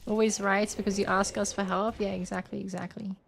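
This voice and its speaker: A woman's voice: mid-range voice, level tone, a little fast, gravelly, a little hiss or hum. A woman in her twenties chatting casually and playfully with her viewers while she plays a game and reads chat. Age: 20s. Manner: playful, giggly, thinks aloud. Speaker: streamer.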